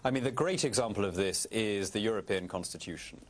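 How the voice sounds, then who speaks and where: A middle-aged British politician, appearing as a guest on a TV interview, tells stories in an articulate, wry and animated way. He speaks briskly in a lowish voice with a British English accent, and there's slight background noise.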